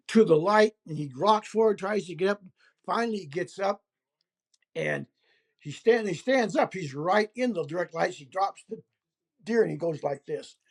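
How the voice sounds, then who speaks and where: A man telling his own story as an interview guest, animated and emphatic, with pauses and fillers. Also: sits high, gravelly, husky. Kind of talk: first-person storytelling.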